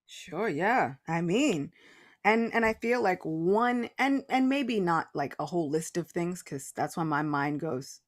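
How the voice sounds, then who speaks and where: A woman in casual spiritual conversation as a podcast guest, animated and laughing often, restarting her phrases. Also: fairly low pitch, unhurried.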